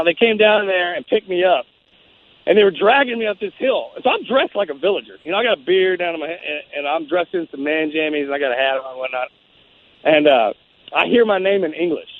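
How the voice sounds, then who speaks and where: A man's voice: fairly high pitch, dry recording. A former Navy SEAL guest telling a war story in a rambling, casual way, full of restarts and "man" and "dude". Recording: phone-like narrow band.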